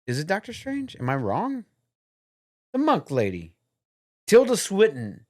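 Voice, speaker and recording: A man's voice: high-pitched, huge pitch swings, unhurried, dry recording, studio quality. A man co-hosting a podcast in casual chat, rambling and swearing while he hunts for names. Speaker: podcast co-host.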